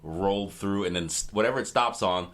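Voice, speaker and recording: A man's voice: deep voice, normal speed. A young man co-hosting a podcast, chatting casually and telling stories with lots of restarts. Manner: animated storytelling with restarts. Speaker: podcast co-host. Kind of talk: casual chat.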